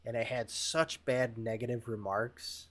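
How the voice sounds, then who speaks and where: A man leads a casual podcast chat in an easygoing, slangy way. His voice sits in a middle pitch, relaxed and conversational. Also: a little slow. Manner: laid-back, calls others "dude" and "man". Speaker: podcast host.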